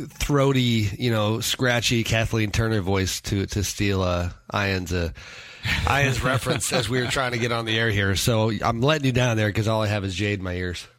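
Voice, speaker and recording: Rambling lower-voiced male co-host. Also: fairly bright tone, no room sound. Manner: rambling, self-deprecating. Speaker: podcast co-host. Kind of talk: casual podcast chat.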